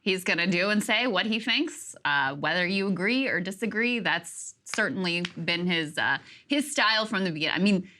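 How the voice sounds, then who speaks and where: Bright-toned female news co-host. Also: medium pitch, lively intonation. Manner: quick conversational, chimes in and hedges. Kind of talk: political news commentary.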